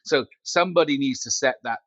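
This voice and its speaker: A man's voice: medium pitch, a little fast, husky, no echo, muffled recording. A man talking as a guest on a podcast, telling stories with jokes and asides, heard through a mic built into his glasses. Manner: joking, animated storytelling with asides. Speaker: podcast guest, company CEO. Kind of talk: casual podcast chat. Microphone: headset mic built into glasses.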